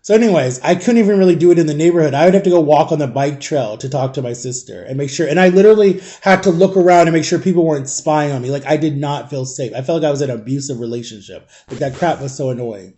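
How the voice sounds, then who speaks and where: Chatty man with a mellow, higher voice. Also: quick pace, few pauses. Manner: chatty, rambling, frequent "like" and "guys". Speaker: vlogger. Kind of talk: casual storytelling to camera.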